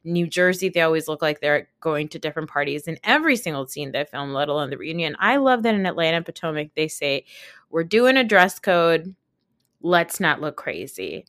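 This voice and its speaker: A woman's voice: on the low side, a bit bright, no room sound, studio quality. Chatty woman recapping reality TV. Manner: chatty, lots of fillers, quick asides. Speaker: podcast host.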